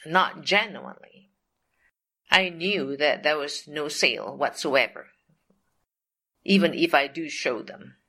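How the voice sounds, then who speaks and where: An older woman recounts a personal testimony at a very slow, deliberate pace, earnest and repetitive. Her voice is bright and forceful, sitting a little low. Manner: earnest, repetitive, leans on "of course" and "whatsoever". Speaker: storyteller sharing a faith testimony.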